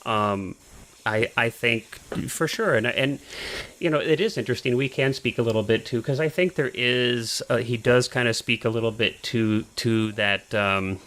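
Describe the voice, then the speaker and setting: A man's voice: mid-range voice, normal speed, fairly bright tone. A man co-hosting a film podcast, chatting casually and enthusiastically about filmmaking, with frequent restarts. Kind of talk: casual chat.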